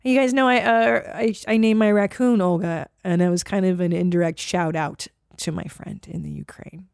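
A woman's voice: lowish voice, fairly even intonation, normal speed, creaky, darkish tone, dry recording, clean studio sound. A woman in her forties hosting a podcast, rambling and swearing freely, with sighs and restarts, a little stuffy from cold medicine. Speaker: podcast host. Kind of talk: casual chat.

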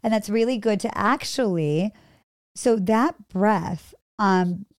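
A woman's voice: medium pitch, slow pace, no room sound, studio quality. A woman talking casually and animatedly as a podcast guest, with spiritual words and casual swearing. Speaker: guest, former preschool teacher.

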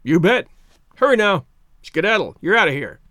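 A man's voice: high voice, sing-song, normal speed, fairly bright tone, no room sound, clean studio sound. A man voicing a curt, stern male baseball umpire who gives short, peremptory orders in an audiobook reading.

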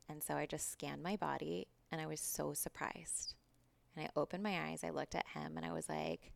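A woman's voice: sits low, flat delivery, normal speed, gravelly. A middle-aged woman, a podcast guest, telling a personal story in casual, candid talk, swearing freely and acting out past conversations.

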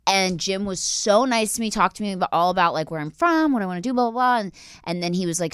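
A woman hosting a comedy podcast, spinning a story in a gushing, chatty way. Her voice is smooth and sits a little low, and it swoops all over as she talks. The sound is close and dry on a studio mic. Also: fast, no room sound. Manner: animated, gushing, lots of "like". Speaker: podcast host. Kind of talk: casual storytelling chat.

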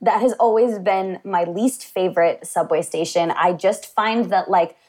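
Chatty woman, quick to laugh. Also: medium pitch. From New York. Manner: animated, laughing often, lots of fillers. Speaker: podcast co-host. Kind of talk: casual chat.

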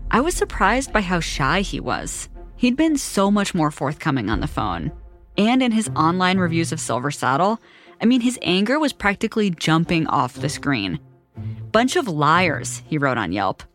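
Lively-voiced woman narrating a documentary story. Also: lowish voice, moderate pace, soft background music. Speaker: reporter and narrator.

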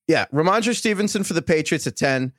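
A man's voice: on the high side, dry recording, clean studio sound. A man with a New York accent, hosting a casual sports podcast and joking through running back rankings. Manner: fast, animated, joking. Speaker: podcast host.

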